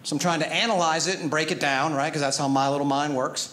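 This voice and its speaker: Animated stand-up comedian, man. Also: fairly high pitch, quick pace. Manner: animated, acts out voices of his son and others. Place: theater stage before a live audience. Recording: echoey stage, audience noise.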